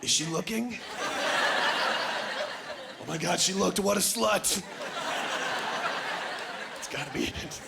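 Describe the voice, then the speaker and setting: Young guy doing standup, kinda high voice, animated and self-mocking, crowd roaring. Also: slow pace, gravelly, long pauses, very noisy. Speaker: stand-up comedian. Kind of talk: stand-up comedy set. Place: comedy club stage. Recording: loud audience laughter, comedy club.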